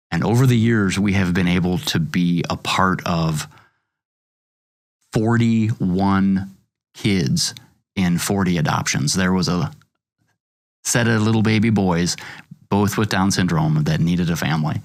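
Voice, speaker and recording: A middle-aged man, a podcast host, talking in a halting, earnest way, often repeating words as he thinks. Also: deep voice. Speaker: podcast host and magazine founder. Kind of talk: casual chat.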